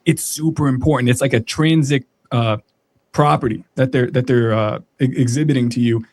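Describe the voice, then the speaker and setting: A man's voice: medium pitch, fairly even intonation, normal speed, darkish tone, no echo. A man talking as a podcast guest in casual chat, rambling and reaching for words with many fillers.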